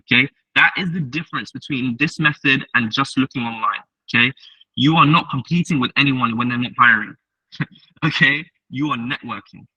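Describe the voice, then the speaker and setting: A man giving a casual tech talk as a software engineer, telling stories and acting out the dialogue in a chatty, direct way. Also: mid-range voice, normal speed, breathy edge, no room sound. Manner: acts out dialogue in quoted voices, chatty and direct. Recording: distant mic, dull lo-fi sound.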